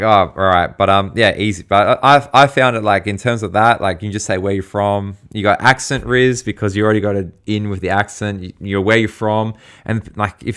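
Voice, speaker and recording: A man's voice: on the low side, a bit bright, smooth. An Australian man co-hosting a podcast, telling rambling stories in casual slang, full of fillers. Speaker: podcast co-host.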